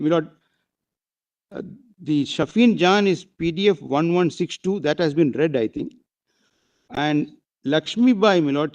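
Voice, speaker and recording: A man arguing a case before a bench of judges, deferential and hesitant, constantly saying "my lord". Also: fairly high pitch. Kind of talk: courtroom argument.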